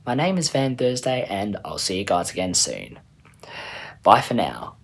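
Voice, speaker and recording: A man's voice: fairly low pitch, huge pitch swings, unhurried, vocal fry, husky. A man reading his own story aloud in a casual, chatty way as the channel's storyteller. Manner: casual, chatty, a little rambling.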